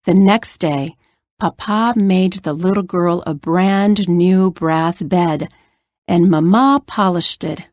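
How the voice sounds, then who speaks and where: A woman narrating a children's read-aloud story, slow, clear and expressive. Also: on the low side, no room sound, clean studio sound.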